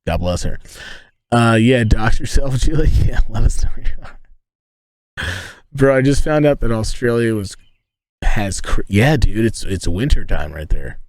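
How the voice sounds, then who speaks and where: A man's voice: mid-range voice, lively intonation, measured pace, long pauses, a little mellow, no room sound. A man from the United States live-streaming from inside a tent, rambling and joking with his viewers and swearing often. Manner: rambling, profane, joking, talks to chat. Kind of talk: casual live-stream chat.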